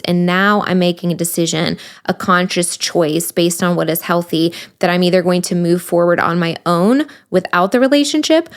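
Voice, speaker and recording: A woman with a slightly low-pitched voice hosts her own recovery podcast. She talks in a loose, conversational way, full of fillers, self-corrections and rhetorical questions to the listener. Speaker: recovery coach and podcast host. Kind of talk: solo podcast talk.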